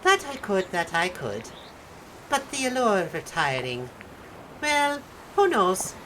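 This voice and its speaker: A woman voicing a gentle, wistful old seamstress who muses about retiring, reading game dialogue aloud. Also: medium pitch, wildly swooping pitch, takes it slowly, a little hiss or hum, full character voice, poor audio. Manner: wistful, musing.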